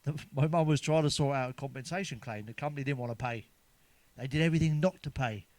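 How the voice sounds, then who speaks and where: A man's voice: medium pitch, fast talker, a little mellow, dry recording. A middle-aged man telling crude stand-up jokes, swearing often and laughing at his own punchlines. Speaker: stand-up comedian. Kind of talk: stand-up jokes told to camera.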